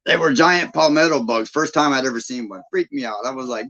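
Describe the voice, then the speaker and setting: A man's voice: mid-range voice, a little fast, few pauses, a bit bright. A man from Michigan hosting a live stream, chatting casually and folksily with viewers and laughing often. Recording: dull lo-fi sound.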